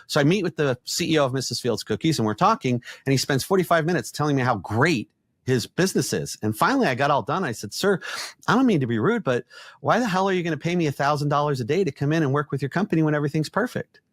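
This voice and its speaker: A man's voice: on the high side, quick pace, no echo, studio quality. Blunt middle-aged man telling stories. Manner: blunt, animated anecdotes with acted-out quotes. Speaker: guest, executive coach. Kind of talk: storytelling in podcast conversation.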